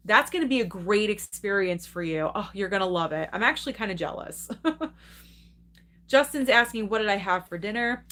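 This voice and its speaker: A woman's voice: mid-range voice, animated, normal speed, pushed and bright. Chatty woman hosting a live stream. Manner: chatty and enthusiastic, laughs often, reacts to chat. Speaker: host of a live movie channel stream. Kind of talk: casual live-stream chat reading viewer comments.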